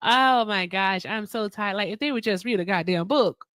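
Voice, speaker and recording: A lively, blunt woman hosting a live stream. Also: medium pitch, normal speed, no echo. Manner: lively, blunt, laughs often, urges viewers on. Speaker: livestream host. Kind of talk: casual live-stream chat and debate.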